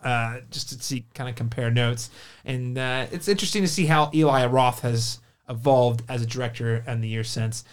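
A man's voice: mid-range voice, normal speed, few pauses, clear, resonant tone. Chatty man hosting a movie podcast. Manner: chatty, enthusiastic, filler-heavy. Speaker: podcast host. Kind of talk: casual movie review chat.

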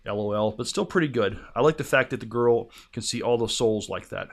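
A man co-hosting a podcast, reading listener comments in a measured, halting way. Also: mid-range voice, vocal fry. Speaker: podcast co-host.

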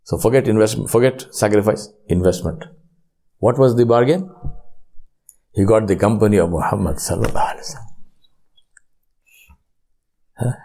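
Man delivering a sermon, lively storyteller who plays out each character's lines. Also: lowish voice, normal speed, long pauses. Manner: animated, voices characters in his stories. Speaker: preacher.

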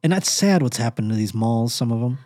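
Casting: male comedian, casual chat, swinging pitch, dry close mic. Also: a little fast, no echo. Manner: animated, acts out quoted voices. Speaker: comedian guest.

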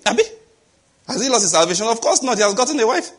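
A man's voice: high voice, lively intonation, fast, breathy edge. A middle-aged man with a Nigerian accent preaching a sermon, telling stories, acting out the dialogue and laughing at his own jokes. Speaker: pastor.

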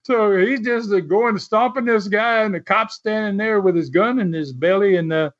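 A man's voice: sits high, normal speed, hardly any pauses. A man as an interview guest, telling a story in a casual, chatty way and laughing often. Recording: dull lo-fi sound.

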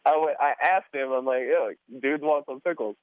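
A man's voice: mid-range voice, normal speed, smooth, no room sound. Laid-back man on a tinny line. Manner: laid-back storyteller, acts out quotes. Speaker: podcast guest, motocross mechanic. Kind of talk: casual chat.

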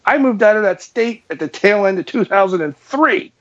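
A man's voice: high voice, moderate pace. A man telling a long story in casual chat, acting out the dialogue and laughing often. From New England. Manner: animated, laughing storyteller who acts out the dialogue. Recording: muffled lo-fi sound.

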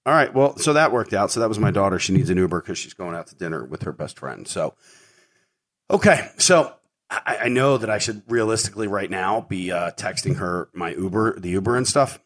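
A man's voice: on the low side, animated, brisk, a bit bright. A middle-aged man hosting his own podcast, telling stories casually and rambling, with lots of fillers and repeated words. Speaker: podcast host. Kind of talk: casual storytelling monologue.

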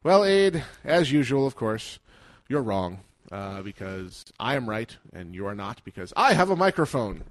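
A man's voice: medium pitch, sing-song, normal speed, no room sound. A man co-hosting a casual podcast, reading listener mail aloud and teasing in a playful, joking way. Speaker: podcast co-host.

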